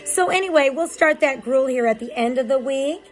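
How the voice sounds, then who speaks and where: Woman dog breeder, casual explainer, fairly high voice, soft music bed underneath. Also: moderate pace, poor audio. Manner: chatty and explanatory, with filler ums. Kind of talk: casual vlog narration.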